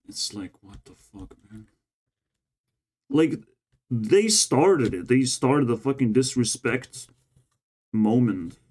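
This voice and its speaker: A man's voice: medium pitch, mellow. Frustrated man ranting, tired. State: tired and run down. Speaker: vlogger. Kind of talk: casual rambling monologue to camera.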